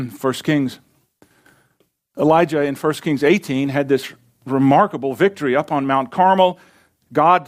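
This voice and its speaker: A man preaching a sermon to his congregation, in a folksy, conversational way with asides to the listeners. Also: on the high side. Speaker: pastor.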